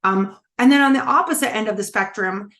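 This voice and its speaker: A woman's voice: medium pitch, a little fast, a bit bright. Chatty candid woman coaching on diet. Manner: chatty, candid, many fillers and restarts. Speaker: wellness challenge coach. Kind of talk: casual teaching talk.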